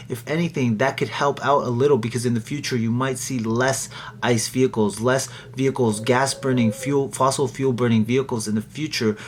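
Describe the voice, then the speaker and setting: Chatty man from Canada commenting on news. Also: mid-range voice. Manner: chatty, asks viewers to like and subscribe. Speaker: YouTube commentator. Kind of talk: casual commentary reading a news article.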